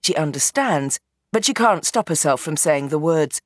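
A woman reading a novel aloud in measured, tense scripted narration. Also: low voice, lively intonation, breathy edge, dry recording, studio quality. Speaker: audiobook narrator.

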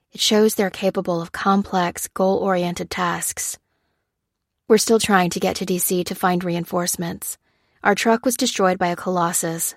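A woman's voice: mid-range voice, no room sound, close to an everyday voice. A woman voicing a guilt-ridden young woman survivor who talks bluntly and soberly in an audiobook. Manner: blunt and dry, sober when confiding.

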